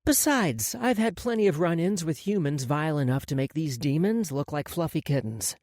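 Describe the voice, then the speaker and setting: Guy doing a high-pitched woman in an audiobook, frank and wry, swoops all over. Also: animated, moderate pace, a little mellow, no room sound, close to an everyday voice. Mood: earnest. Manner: frank, dry humor. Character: blunt, self-assured grown woman, wry and teasing. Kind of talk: audiobook character voice.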